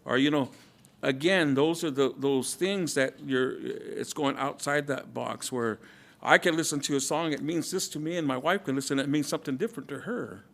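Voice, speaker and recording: A man speaking at a conference in a reflective, halting way, often repeating words and using many fillers. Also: fairly high pitch, vocal fry, a bit bright. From Kumeyaay community, Southern California. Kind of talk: casual, reflective talk.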